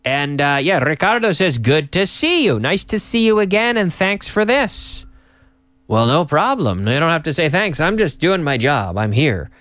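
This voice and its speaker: A man hosting a live lesson, upbeat and teacherly, repeating phrases slowly for learners. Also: on the high side, sing-song, fairly bright tone, no room sound. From Canada. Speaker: English teacher and host. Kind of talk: live-streamed English lesson.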